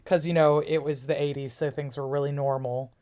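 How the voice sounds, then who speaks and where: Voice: mid-range voice, level tone, fairly quick, warm tone. A podcast co-host telling a story in casual chat, chatty and laughing along the way.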